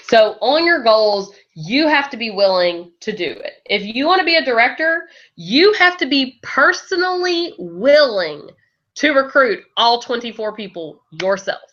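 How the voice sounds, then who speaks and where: Lively woman coaching a sales team. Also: on the high side. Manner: lively, laughs often, acts out quoted voices. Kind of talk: motivational team talk. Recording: dull lo-fi recording.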